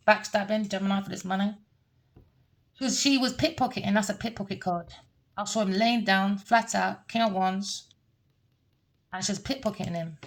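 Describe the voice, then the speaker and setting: A woman's voice: mid-range voice, gravelly. A woman giving a heated, repetitive tarot reading rant, cursing and scolding. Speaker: tarot reader.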